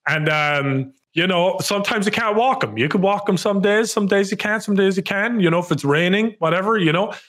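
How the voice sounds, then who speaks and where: A man with a fairly high voice telling a story on a podcast. He builds the scene bit by bit and keeps checking that his listeners follow. His tone is casual and chatty. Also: brisk, hardly any pauses, fairly bright tone. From Ireland. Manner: laying out a story step by step, checking in with "okay?". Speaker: podcast co-host. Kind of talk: casual chat.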